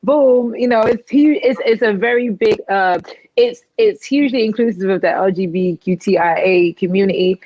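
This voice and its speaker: A woman's voice: mid-range voice, moderate pace, highs cut off, a little hiss or hum. A woman with a British accent tinged with American, chatting as an interview guest and acting out quotes as she tells stories. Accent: British English with some American. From England. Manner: animated storyteller who acts out quotes. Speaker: guest, singer and voice actress. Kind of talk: casual interview chat.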